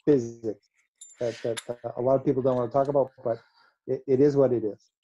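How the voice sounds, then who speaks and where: Mellow-voiced man on dull audio. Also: mid-range voice, level tone, brisk. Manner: dry joking, short agreeing replies. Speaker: podcast co-host. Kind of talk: casual chat.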